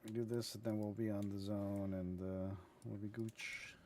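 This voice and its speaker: A man's voice: lowish voice, little pitch movement, moderate pace, a little mellow, slight background noise. A man casually commenting on his gameplay, joking, humming and mumbling to himself. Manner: goofy, hums and sings to himself, mumbles. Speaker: gaming streamer.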